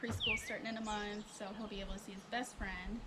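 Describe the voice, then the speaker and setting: A woman chatting casually outdoors beside beehives, playful and quick to laugh. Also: mid-range voice, steady tone, very noisy. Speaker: co-host, vlogger's wife.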